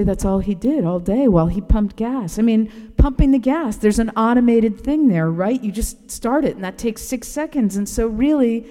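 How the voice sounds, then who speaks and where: Warm-voiced woman reading a reflective story. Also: medium pitch, big-room sound. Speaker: narrator. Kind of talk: reading a personal essay aloud.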